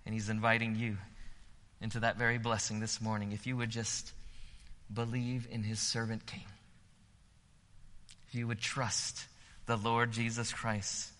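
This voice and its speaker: A man preaching a sermon in a church, swinging from hushed lines to loud, emphatic repetition. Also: medium pitch, big-room sound. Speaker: pastor. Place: church sanctuary.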